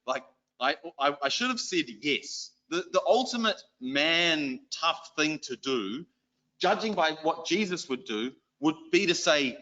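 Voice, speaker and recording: A man with a New Zealand accent gives a lively church exhortation, with self-mocking stories. His voice is bright and a little high. The recording is dull and lo-fi. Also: a little slow. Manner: animated, self-deprecating storytelling. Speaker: lay preacher and schoolteacher.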